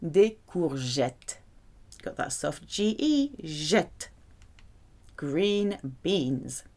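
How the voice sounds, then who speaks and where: Slow, lively French woman teaching. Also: lowish voice. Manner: slow, careful pronunciation drills. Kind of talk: vocabulary lesson.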